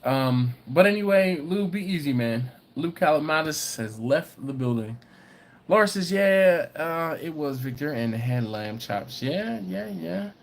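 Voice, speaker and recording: A man's voice: fairly high pitch, unhurried, vocal fry. Chatty middle-aged man. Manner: storytelling, reads chat aloud, animated when excited. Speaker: BBQ channel host. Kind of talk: casual livestream chat.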